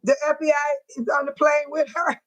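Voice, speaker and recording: A woman's voice: sits high, flat delivery, normal speed, fairly bright tone. An older woman hosting a casual livestream, reading chat comments aloud and laughing often. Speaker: livestream host.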